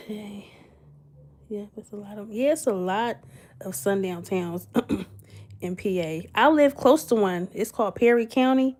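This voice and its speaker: A woman's voice: medium pitch, a little slow, darkish tone. A woman, chatting casually and giggling with her livestream viewers. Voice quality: sweet voice. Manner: giggly, chatty, talks back to chat. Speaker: livestream host.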